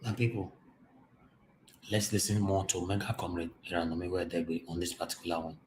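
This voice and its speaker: A Nigerian man hosts a live-stream commentary from his home office, a generator running nearby. His deep voice comes at normal speed with flat delivery, though what he says is impassioned and repetitive, over a little hiss or hum.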